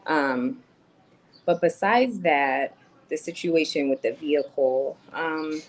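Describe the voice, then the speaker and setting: A woman's voice: sits low, slow, a little mellow, low-quality recording. A young adult woman venting in a casual livestream, chatty and swearing as she reads chat comments. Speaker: vlogger on a livestream.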